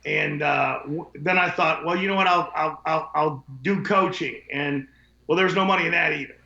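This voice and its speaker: This window cleaning business owner talks at a moderate pace in a high-side voice that is creaky, pushed, and bright. As a podcast guest he rambles bluntly and profanely through casual stories, and the audio sounds echoey, dull, and lo-fi.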